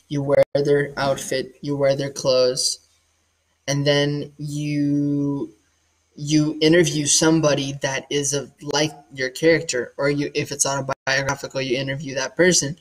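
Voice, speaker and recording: A young man, an actor and singer, giving a casual acting workshop in an animated, demonstrative way with lots of "like" fillers. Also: fairly high pitch, takes it slowly.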